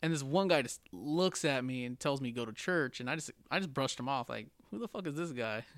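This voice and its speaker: A man guesting on a casual podcast, easygoing and quick to laugh. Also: medium pitch, expressive, a bit bright, dry recording. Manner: easygoing, laughs often, short agreeing replies. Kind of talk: casual chat.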